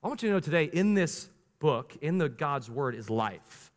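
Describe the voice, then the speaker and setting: Higher-voiced man preaching in a reverberant church. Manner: animated preaching, swings between slow emphatic lines and quick asides. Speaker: pastor. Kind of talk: sermon. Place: church sanctuary. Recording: long reverb of a large church hall.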